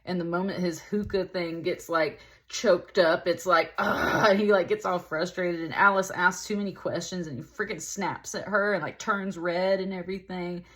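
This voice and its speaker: A woman's voice: fairly low pitch, fairly even intonation, moderate pace, few pauses. A woman giving a casual tarot reading, rambling and talking loosely with lots of "like" and the odd laugh. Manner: rambling, heavy use of "like", with laughs. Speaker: tarot reader.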